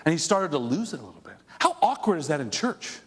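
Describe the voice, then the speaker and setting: A male pastor preaching a conversational, animated sermon to his congregation, with asides to the people in the room. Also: fairly high pitch, fast talker, husky. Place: church sanctuary before a congregation. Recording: long echo of a church hall.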